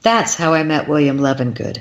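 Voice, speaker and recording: A woman guest on a radio show, telling a personal story in an excitable way and acting out the lines of the people in it. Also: low voice, a little fast, lo-fi sound. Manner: excitable, acts out quoted dialogue with shifting voices. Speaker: guest, crop circle filmmaker.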